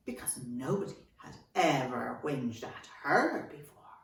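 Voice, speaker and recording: An Irish woman tells a story to children with lively swings in her voice, which sits a little high. She sounds set back from the mic, in a room with a noticeable echo. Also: measured pace. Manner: animated, expressive storytelling. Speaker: children's author. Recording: echoey room, from a distance.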